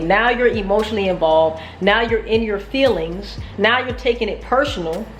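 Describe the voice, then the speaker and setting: A woman's voice: mid-range voice, roomy sound. A woman telling a casual, profane, self-mocking story about her day trading. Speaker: trading vlogger.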